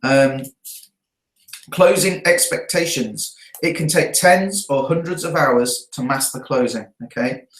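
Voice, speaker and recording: A man's voice: a little high, measured pace, fairly bright tone, echoey room, low-quality recording. A man who trains network marketers, talking through his event notes earnestly and often checking in with his listeners. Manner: earnest, checks in with a frequent tag question.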